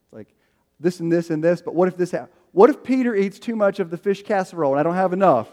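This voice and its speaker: High-voiced pastor preaching in a reverberant hall. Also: male voice, fast talker. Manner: animated, acts out quoted voices. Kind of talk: sermon.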